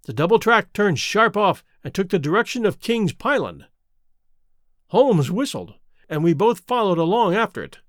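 A man reading a classic detective story aloud as first-person narrator, expressive and clearly enunciated, close to the mic. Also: high-pitched, normal speed, dry recording. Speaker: audiobook reader.

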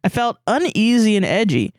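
A woman's voice: medium pitch, sing-song, normal speed, darkish tone, no echo. Woman reading fanfiction aloud, dry sound. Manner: reads with playful asides and laughs. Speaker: podcast co-host.

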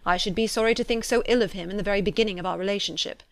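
A woman's voice: medium pitch, rapid-fire, dry recording, natural voice. A woman reading a classic novel aloud, voicing a weary, sardonic older father in a dry, plain delivery.

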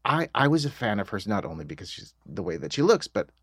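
Interview guest: middle-aged American man, low voice, dry close sound, animated self-mocking storyteller. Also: quick pace, husky, no room sound. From United States. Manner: self-deprecating, animated, laughs while telling stories. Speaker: screenwriter guest.

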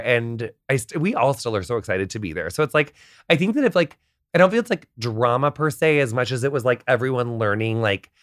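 A man's voice: mid-range voice, no echo, clean studio sound. An American man chatting as a podcast guest, telling stories in a rambling way full of fillers. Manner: rambling, full of "like", animated storytelling. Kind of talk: casual chat.

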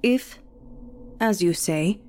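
A woman's voice: medium pitch, monotone, a little fast, mellow, a little hiss or hum, natural voice. A woman voicing a tall, bearded German photographer who speaks formally and politely.

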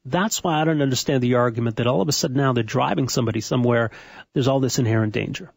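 Man, radio co-host, explaining things steadily, slightly husky, dry close mic. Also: medium pitch, quick pace, no room sound. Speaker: radio talk show co-host. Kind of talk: talk radio discussion. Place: radio studio.

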